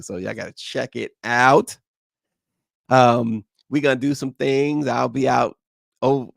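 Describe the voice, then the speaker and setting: A man's voice: fairly low pitch, vocal fry, dry recording, clean studio sound. A man hosting a live morning show, chatting casually and joking as he reads viewer comments aloud. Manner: joking, loose and rambling, laughs often.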